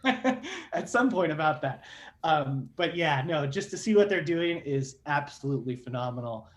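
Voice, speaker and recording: An enthusiastic man from San Diego, chatting as a guest on a podcast. His voice sits a little higher than most men's, and he talks with eager energy. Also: lively intonation. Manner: enthusiastic, quick-talking. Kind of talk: casual interview chat.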